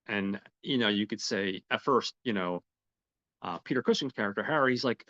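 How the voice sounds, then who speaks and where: A man's voice: fairly low pitch, normal speed, pushed and bright, no echo, highs cut off. A man casually retelling a film plot on a podcast, briefly voicing the characters and often repeating words and saying um. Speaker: podcast host.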